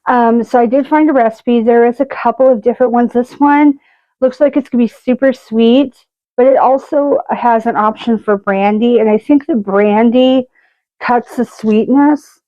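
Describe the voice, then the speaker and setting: A woman's voice: on the high side, steady tone, normal speed, no room sound, highs cut off. A woman hosting a casual cooking video, chatty and joking at her own expense. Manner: chatty and self-mocking, jokes about her own accents. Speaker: cooking show host.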